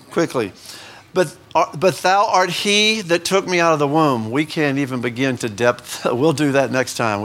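A man preaching in a relaxed, folksy manner. He reads scripture with rising emphasis, and his voice sits a touch higher than most men's. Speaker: pastor. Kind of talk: sermon.

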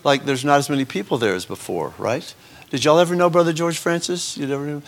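A man's voice: on the high side, fast. A man teaching a Sunday school lesson to a congregation, chatting with joking asides and frequent restarts. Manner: conversational, joking asides, many fillers and restarts. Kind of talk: casual Bible lesson to a congregation.

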